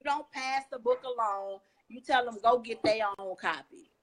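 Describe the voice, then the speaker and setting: A woman's voice: a little high, normal speed. A woman hosting a casual online interview, chatty and upbeat. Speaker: host.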